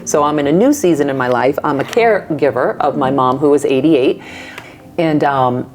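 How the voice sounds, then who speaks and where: A woman's voice: deep voice, moderate pace, slight background noise. A woman in her fifties, a guest in a casual interview, telling stories animatedly and acting out voices. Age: 50s. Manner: animated storyteller, acts out voices, giggles. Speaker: interview guest, artist and decorator.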